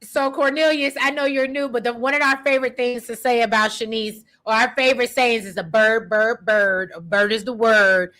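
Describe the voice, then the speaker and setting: A woman hosts a casual talk show and chats animatedly. Her voice sits high for a woman and sounds bright and crisp. She talks in an open, welcoming way. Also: steady tone, normal speed, hardly any pauses. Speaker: podcast host. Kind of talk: casual chat.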